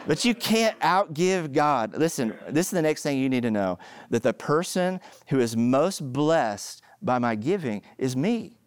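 A middle-aged male pastor preaching a sermon, telling stories with animated, emphatic delivery that climbs to loud peaks. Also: fairly high pitch, measured pace, smooth.

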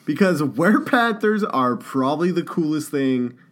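A man's voice: on the high side, expressive, normal speed, a bit bright. A man co-hosting a podcast in casual chat, rambling and joking with plenty of swearing. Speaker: podcast co-host.

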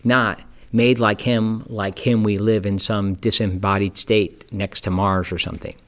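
A man's voice: fairly low pitch, flat delivery, unhurried. A man hosting, introducing a question in a casual, reflective way. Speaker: host.

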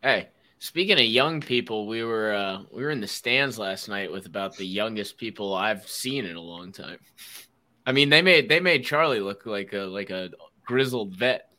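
A podcast host chatting casually, telling animated stories and mimicking people's voices. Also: male voice, lowish voice, normal speed. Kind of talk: casual chat.

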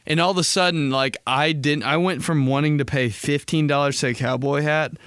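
A young man hosting a casual solo comedy podcast, rambling and swearing through stories with quick impressions. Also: a little high, fairly even intonation, a bit bright, clear, resonant tone, dry recording, clean studio sound. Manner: rambling, profane storytelling with impressions. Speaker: podcast host.

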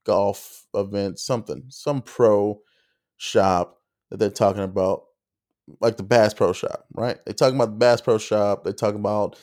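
A man's voice: on the low side, steady tone, normal speed, darkish tone. A man telling a comic story in a rambling, casual way, with many fillers. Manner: rambling, lots of fillers and restarts. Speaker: comedian.

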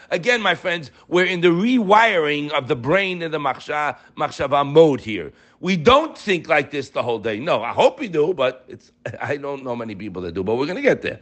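A religious teacher delivers a spiritual lesson a little fast, his lively voice rising and falling in pitch. He animatedly reads and translates Hebrew text and presses listeners with rhetorical questions.

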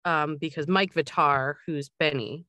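A woman's voice: low-pitched, fairly even intonation, measured pace, bright, forceful tone, dry recording. A woman co-hosting a podcast, chatting casually, going off on tangents with many fillers. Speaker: podcast co-host. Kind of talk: casual chat.

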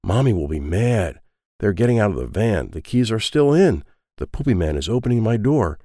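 A man's voice: lowish voice, sing-song, moderate pace, mellow, dry recording, clean studio sound. A man reading a storybook in the first person as a small, timid seven-year-old boy who speaks in short, plain sentences. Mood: matter-of-fact. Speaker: audiobook reader.

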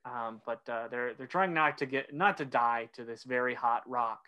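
A man's voice: medium pitch, moderate pace, sharp tone, clear, resonant tone, muffled recording. A man co-hosting a casual podcast, walking through an episode step by step and leading the segments. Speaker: podcast co-host.

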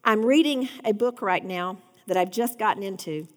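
A woman's voice: medium pitch, normal speed, big-room sound. A woman giving an earnest devotional Bible teaching, rising to fervent emphasis.

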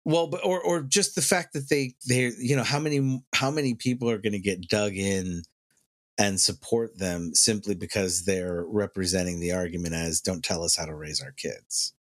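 A man's voice: fairly low pitch, moderate pace, a bit bright. A man co-hosting a podcast, talking in a rambling, profane way and laughing often. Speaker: podcast co-host. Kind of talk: casual chat.

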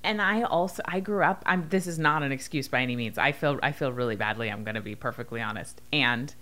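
A woman's voice: rumbling low, quick pace, sharp tone. A woman co-hosting a podcast, talking in a casual, earnest and apologetic way. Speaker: podcast co-host.

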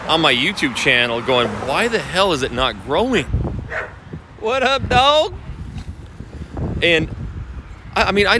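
Speaking to camera over background noise, a man with a slightly high voice coaches real estate agents on video marketing. His manner is casual, blunt, profane, and ranting.

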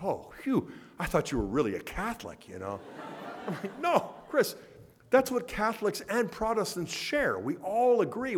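A man giving a lecture, telling a story with lively dialogue and acting out both sides of a conversation. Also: on the high side. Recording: long hall reverb.

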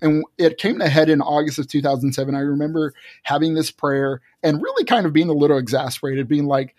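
A man's voice: on the high side, brisk, hardly any pauses, a little mellow, dry recording, clean studio sound. A man earnestly telling a personal story as a guest, with frequent restarts. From Texas.

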